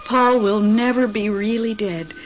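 Actress as a fragile grieving widow, slow and high, muffled old radio-play sound. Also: female voice, fairly even intonation, slight background noise, lightly acted.

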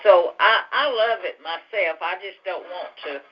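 A woman leading a Bible study and prayer, talking gently and haltingly with many fillers. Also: fairly low pitch, husky. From Louisiana. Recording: muffled lo-fi audio.

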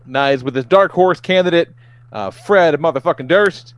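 A man's voice: fairly high pitch, normal speed, no room sound. A man hosting a casual podcast, loose and profane, running through a list of game entries.

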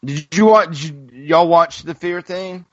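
A man's voice: on the high side, a little slow, no echo. A man co-hosting a casual podcast chat, talking hesitantly and often repeating words. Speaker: podcast co-host. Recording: dull lo-fi podcast audio.

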